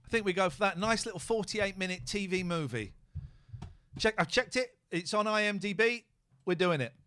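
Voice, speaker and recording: Chatty man on a podcast, his pitch a touch high and jumping all over as he talks. His sound is dry and close on the mic, with swearing and tangents about the audio levels. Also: expressive, moderate pace, pushed and bright, dry recording. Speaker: podcast host. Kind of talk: casual chat. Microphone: close studio mic.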